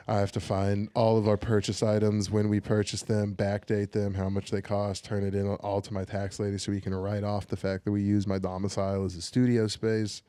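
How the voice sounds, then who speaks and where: A man's voice: on the low side, no room sound. Profane, rambling young man podcaster. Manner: rambling, profane, animated storytelling with put-on whiny voices. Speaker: podcast co-host. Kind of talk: casual chat.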